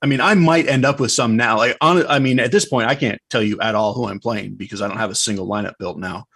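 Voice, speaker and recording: A man's voice: medium pitch, fast talker, fairly bright tone, slightly rough. A man giving blunt, opinionated fantasy sports picks in a casual chat. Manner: blunt, opinionated, matter-of-fact.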